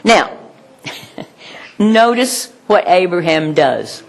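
An older woman preaching a sermon to a congregation, animated and often laughing, asking rhetorical questions. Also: lowish voice, drawn-out words. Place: church hall with congregation.

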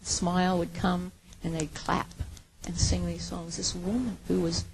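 A woman preaching a sermon, earnest, moving from hushed, quiet lines to emphatic ones. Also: fairly low pitch, little pitch movement, moderate pace, vocal fry, slight background noise.

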